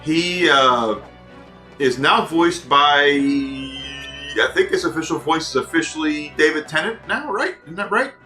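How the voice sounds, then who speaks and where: Bright-voiced chatty gaming host. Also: male voice, on the high side, animated, measured pace, soft background music. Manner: chatty, reads and answers chat. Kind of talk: let's play commentary.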